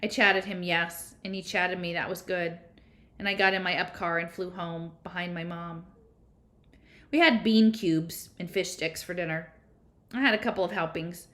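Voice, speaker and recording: A woman reads a first-person novel aloud, conversational and a little unpolished, with small slips. Her voice sits slightly low. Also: steady tone, moderate pace, a bit bright. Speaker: audiobook reader.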